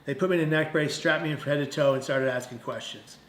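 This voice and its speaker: A man's voice: a little high, fairly bright tone. Earnest man telling his story, echoey. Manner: earnest, emphatic storytelling with dramatic pauses. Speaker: mental health speaker. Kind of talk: personal testimony presentation.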